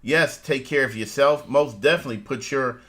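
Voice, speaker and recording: Co-hosting a relaxed live-stream conversation, a middle-aged man keeps things folksy, laughs easily and frequently refers to his audience as family. His voice is mid-range and slightly bright.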